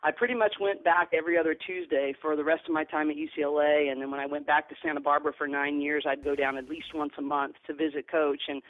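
A woman basketball coach tells stories earnestly as a podcast guest, often restarting her sentences and repeating words as she begins them. Her voice is low, heard over a tinny, dry phone line with no echo.

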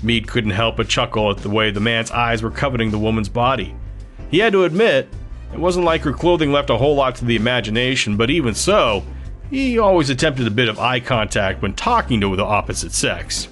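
A man narrating a novel in a steady, even storytelling manner. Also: mid-range voice, brisk, faint music behind. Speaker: audiobook narrator. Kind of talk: scripted narration.

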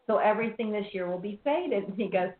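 A woman's voice: mid-range voice, expressive, fast talker. A sixty-one-year-old woman hosting a call-in show, bubbly and talkative, laughing often. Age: 60s. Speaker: radio show host. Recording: echoey, tinny phone-like sound with faint hiss.

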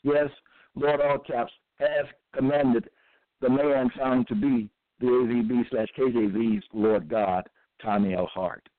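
A man reading scripture verses aloud and commenting on them in a deliberate, repetitive, halting way. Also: mid-range voice, fairly even intonation, no room sound. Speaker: self-styled religious teacher. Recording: tinny phone-like dry recording.

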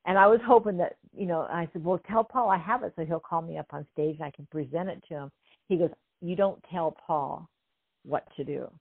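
An older woman from California tells her story with plenty of life, acting out what people said and often breaking into laughter. Her voice sits on the low side. It comes through a thin, phone-like line with a dry, close sound. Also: fast talker, breathy edge, dry recording. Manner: animated, acts out quotes, laughs often. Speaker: guest. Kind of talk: casual storytelling interview.

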